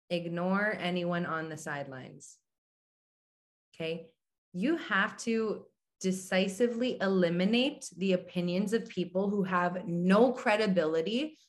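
Blunt, candid woman talking. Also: lowish voice. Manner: candid, blunt, swears casually; addresses listeners directly, asks if they agree. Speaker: podcast host. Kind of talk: casual motivational talk.

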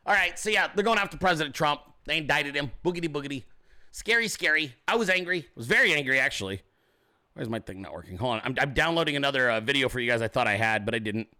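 Brash, bright-voiced male podcast host. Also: mid-range voice, lively intonation, fast talker. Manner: brash, sarcastic ranting. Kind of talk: political talk show monologue.

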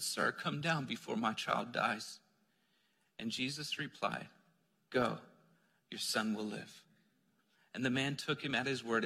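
A man preaching a sermon, conversational and joking, dropping to a soft voice when he reads scripture. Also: medium pitch, gravelly, slightly rough. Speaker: pastor. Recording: long hall reverb.

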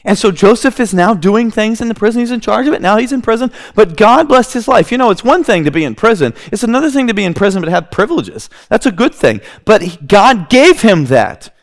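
Animated male preacher with a high, lively voice. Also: brisk, few pauses. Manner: animated storytelling, acting out scenes with kids. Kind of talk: sermon.

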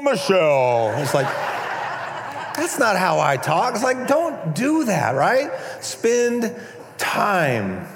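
Animated pastor in an echoey hall. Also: male voice, a little high. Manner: conversational, animated, acts out prayers in a mock-pompous voice. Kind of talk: sermon. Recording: echoey hall, long reverb.

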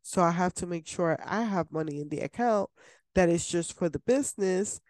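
A woman's voice: lowish voice, normal speed, darkish tone, dry recording. A woman hosting a solo podcast from her desk at home, chatting in a rambling, enthusiastic way. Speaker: podcast host.

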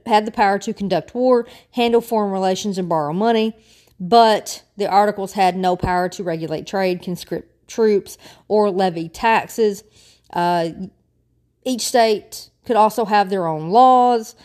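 A woman's voice: mid-range voice, a little mellow. Woman, history teacher, casual lecture, informal asides, spells out names.

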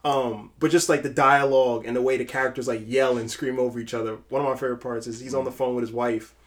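A young man co-hosting a podcast, talking in a relaxed and animated way at a middle pitch. He swears freely and throws himself into the conversation. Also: fast talker. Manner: animated, profane, acts out film quotes. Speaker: podcast co-host. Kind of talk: casual podcast chat.

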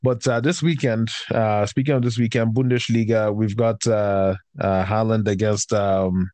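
A man's voice: lowish voice, steady tone, normal speed, a little mellow, no room sound. A man ranting in casual chat, heated and profane, swinging between raised outbursts and tired, fed-up grumbling.

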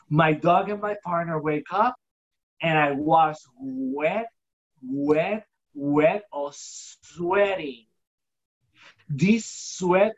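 Halting, repetitive speaker telling a vision story. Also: lo-fi sound. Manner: halting, repeats words for emphasis; acts out quoted dialogue with shifting pitch. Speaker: guest telling a personal story. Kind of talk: emotional personal testimony.

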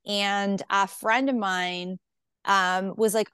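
Woman comedian, casual storytelling, acts out voices, swears, smooth voice, dry close sound. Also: medium pitch, drawn-out words, dry recording. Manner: animated, acts out quoted voices, frequent "like", swears freely. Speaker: stand-up comedian guest.

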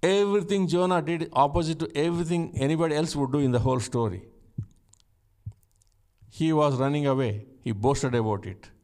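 A man's voice: a little high, fairly quick, darkish tone. A man preaching a conversational sermon, asking rhetorical questions and chuckling now and then.

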